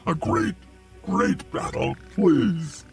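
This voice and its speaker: A weary old robot warrior for a video game, melodramatic and sorry for himself. His robot-filtered voice is heavily gravelly and swoops wildly in pitch. It sounds set back, away from the mic. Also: wildly swooping pitch, extremely slow, far from the mic, over loud music, exaggerated voice. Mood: pleading. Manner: melodramatic, self-pitying.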